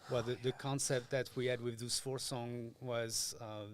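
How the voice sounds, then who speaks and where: Hesitant guitarist. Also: male voice, medium pitch, flat delivery, a little slow. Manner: hesitant, searching for words, laughs often. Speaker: guitarist guest. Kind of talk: casual podcast interview.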